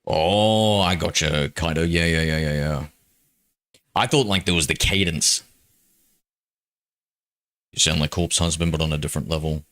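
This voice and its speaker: A man's voice: rumbling low, moderate pace, long pauses, fairly bright tone. A young man chatting casually with viewers on a game stream, rambling with lots of ums. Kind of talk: casual live-stream chat.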